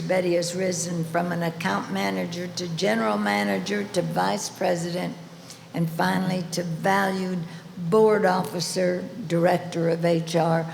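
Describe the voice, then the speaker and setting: Woman, award presenter, slow speech, gravelly, long hall reverb. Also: lowish voice, darkish tone, slight background noise. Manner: slow, deliberate, playful asides. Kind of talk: ceremony introduction speech. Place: large event hall. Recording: echoey hall with faint ambience.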